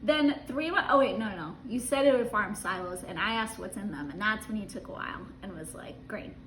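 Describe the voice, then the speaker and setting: A woman's voice: mid-range voice, a little fast, a bit bright, roomy sound, a little hiss or hum. A woman reading a travel story aloud and breaking off with her own asides, laughing often as she goes. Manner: giggly, laughs often through her words.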